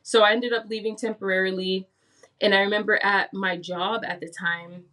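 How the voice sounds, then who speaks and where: A woman's voice: mid-range voice, fairly even intonation, moderate pace, pushed and bright, far from the mic. A woman giving a casual spoken testimony, chatty, acting out her own past words as she tells it. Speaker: guest giving a faith testimony.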